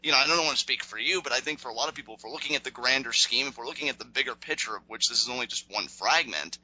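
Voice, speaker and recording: A man's voice: mid-range voice, very fast, bright, forceful tone, dry recording, poor audio. A man hosting a podcast, recapping wrestling in casual, rambling chat full of fillers and acted-out quotes.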